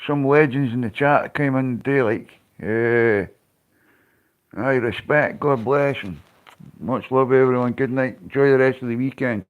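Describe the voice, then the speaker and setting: A Scottish man rambles casually to his live viewers in a mid-pitched voice, tossing in swearing and laughs. The audio is dull and lo-fi, like a stream captured without much care. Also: a little slow, clear, resonant tone. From Scotland. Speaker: livestream host.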